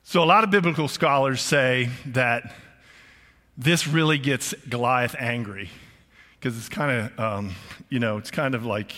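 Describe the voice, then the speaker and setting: A man's voice: mid-range voice, measured pace, pushed and bright. An older man preaching a conversational sermon as pastor, chatty and emphatic, often restarting his phrases. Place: church auditorium. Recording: long reverb of a large hall.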